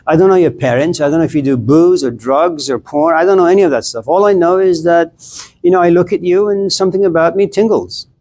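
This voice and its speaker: A man's voice: a little high, brisk, darkish tone. A middle-aged man giving a casual, blunt classroom lecture on philosophy, chatting straight at his students and acting out little scenes.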